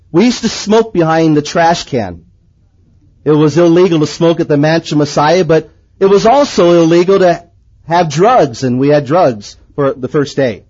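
A man preaching a sermon and telling his own story in a lively way, swinging from excited to hushed. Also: a little high, highs cut off. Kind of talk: sermon with personal testimony.

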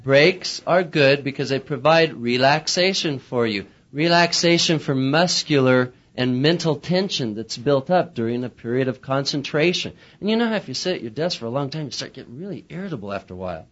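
A man with a medium-pitched voice speaks at normal speed with few pauses, teaching pastors in a humorous, chatty, animated lecture and acting out little quotes as he goes. The recording is muffled and lo-fi.

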